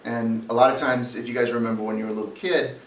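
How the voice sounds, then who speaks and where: A man's voice: medium pitch, little pitch movement, fast. A male teacher lecturing a class, explaining step by step and quizzing students as he goes. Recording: roomy classroom, mic far off, faint background noise.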